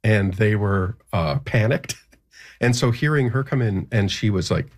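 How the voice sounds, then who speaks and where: A young man telling a personal story in an interview, halting with many fillers and nervous laughs. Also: on the low side, animated.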